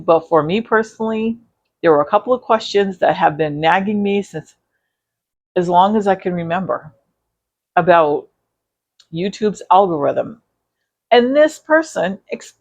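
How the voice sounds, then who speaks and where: A woman's voice: medium pitch, dull audio. A woman vlogging about quilting in a casual, rambling way, with many fillers and self-corrections. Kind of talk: casual chat reviewing videos.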